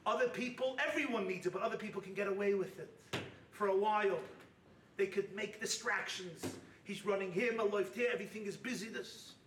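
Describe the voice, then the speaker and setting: High-voiced rabbi preaching in an echoey hall. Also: male voice, a little fast. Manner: animated preaching, punctuated by shouted emphasis and humor. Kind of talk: sermon at a weekend retreat. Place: hall at a retreat. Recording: roomy hall from a distant mic with faint noise.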